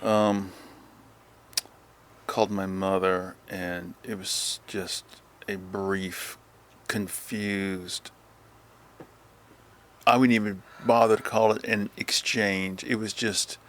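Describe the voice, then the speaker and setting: A man's voice: lowish voice, little pitch movement, slow, pauses often, fairly bright tone. A man hosting a casual podcast chat at home, rambling and telling stories. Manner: rambling, mimics voices when retelling. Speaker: podcast host.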